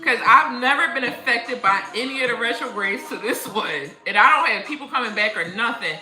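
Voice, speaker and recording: Faint music plays in an echoey room while a woman hosts a spiritual livestream, chatting and spinning stories with lots of laughter. Her fairly high voice is brisk and her storytelling animated.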